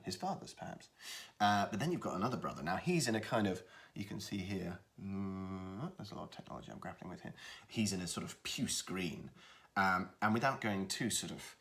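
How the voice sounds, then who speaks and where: A man with a very deep, low voice explains character voicing in an easygoing tutorial. He hesitates a lot and restarts his sentences as he thinks aloud. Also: a bit bright. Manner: hesitant, lots of fillers and restarts. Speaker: voice actor. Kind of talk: casual tutorial talk.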